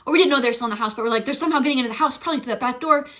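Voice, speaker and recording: A young woman streamer telling a story in casual chat, animated and profane, acting out the voices of the people she quotes. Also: sits high, racing, few pauses.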